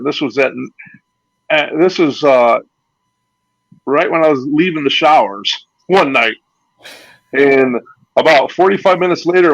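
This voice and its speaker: Veteran male wrestler spinning loose anecdotes; gravelly, dry, slightly muffled recording. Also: mid-range voice, dry recording. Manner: rambling anecdotes with acted-out quotes and laughs. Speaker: retired pro wrestler, guest. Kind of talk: casual storytelling interview.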